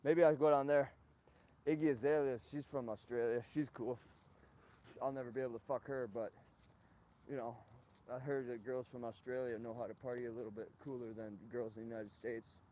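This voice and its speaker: Broadcasting live from a golf course, a male host rambles and rants with lots of swearing. His medium-pitched voice stays level and warm at a fairly quick clip, with a little background noise.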